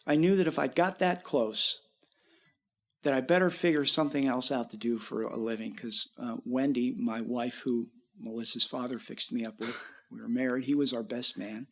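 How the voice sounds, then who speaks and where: A man's voice: mid-range voice, normal speed. A middle-aged man, a musician guest, telling long rambling stories in a casual interview. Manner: rambling, animated when quoting others.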